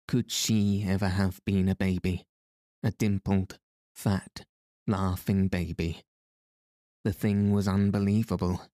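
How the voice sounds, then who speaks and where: A man reading a novel aloud as an audiobook narrator, calm and measured. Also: low-pitched, no echo, clean studio sound. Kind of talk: scripted narration.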